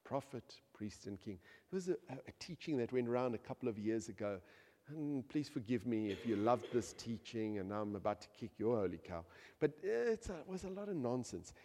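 A man preaching a passionate sermon, swinging from loud outbursts to hushed asides. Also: medium pitch, lively intonation, brisk, long reverb tail. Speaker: pastor.

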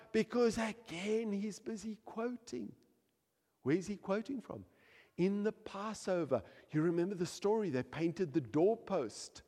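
A man preaching a passionate sermon, swinging from loud outbursts to hushed asides. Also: high voice, long reverb tail. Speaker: pastor.

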